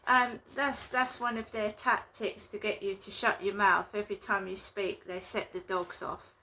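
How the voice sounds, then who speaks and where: A woman talking casually to her viewers in a rambling, indignant way, recording a vlog in her flat. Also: mid-range voice, normal speed, slight background noise. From England. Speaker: vlogger. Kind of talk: casual vlog talk to camera.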